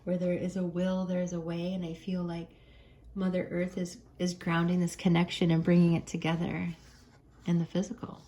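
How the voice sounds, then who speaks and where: American woman, tarot reader, low warm voice, chatty and easygoing with frequent laughs. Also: completely flat delivery, normal speed. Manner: chatty and gentle, laughs often. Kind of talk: casual tarot reading to viewers.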